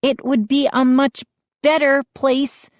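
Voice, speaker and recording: A woman's voice: level tone, slow, no echo. A woman voicing a frantic, indignant teenage girl who shrieks her lines. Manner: shrill, indignant.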